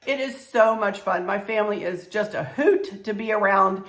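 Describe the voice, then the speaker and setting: A woman with a Southern American accent and a hoarse, strained voice, chatting casually to camera as a home decor vlogger, rambling with many fillers. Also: mid-range voice, steady tone, normal speed, roomy sound.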